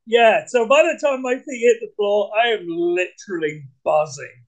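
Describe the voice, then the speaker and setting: A man with a British accent, talking as a podcast guest in an energetic, blunt way, swearing casually. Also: high voice, moderate pace, few pauses, poor audio. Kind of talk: casual conversation.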